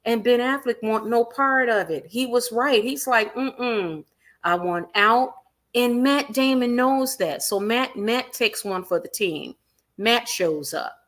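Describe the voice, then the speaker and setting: A woman hosting a celebrity gossip livestream, animated and emphatic, repeating her points and reading viewer comments aloud. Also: a little high, a little slow. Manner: animated, acts out quotes in other voices, reads viewer comments aloud; emphatic repetition.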